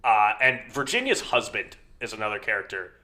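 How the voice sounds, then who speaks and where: A man co-hosts a film podcast in relaxed conversation. His voice sits low but comes across bright and forceful. He reasons aloud with hedges and frequent filler words. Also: brisk. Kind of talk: casual podcast chat.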